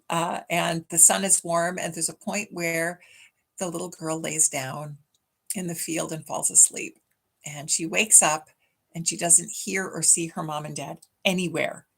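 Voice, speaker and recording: A woman's voice: lowish voice, vocal fry, fairly bright tone, husky. A woman church minister giving a weekly message, telling a children's story from memory in a chatty, affectionate way.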